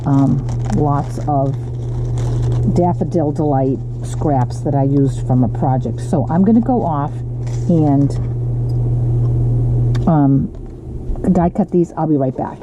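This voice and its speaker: Woman, home crafter, casual chatty tutorial delivery, lowish voice, noisy lo-fi recording. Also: slow pace, long pauses. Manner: chatty, with frequent ums and self-corrections. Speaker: card-making demonstrator. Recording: lo-fi with audible background noise.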